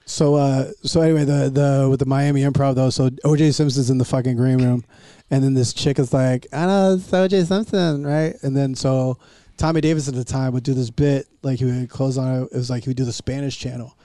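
A man's voice: medium pitch, brisk, no room sound. A man who is a stand-up comedian, telling profane stories in a casual chat and acting out the people in them. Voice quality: profane, animated storyteller who acts out voices. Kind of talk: casual podcast chat among comics.

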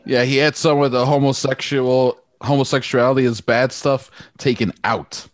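A man's voice: medium pitch, steady tone, normal speed, no room sound, clean studio sound. A man chatting on a podcast, curious and asking follow-up questions. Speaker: podcast co-host. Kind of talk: casual chat.

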